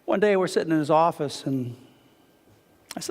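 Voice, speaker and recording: A man lectures an audience as a doctor, his slightly high voice rising sharply as he acts out conversations. The sound rings out with the long reverb of a lecture hall. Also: moderate pace, long pauses. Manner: animated storytelling, quotes others with raised voice. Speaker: physician lecturer.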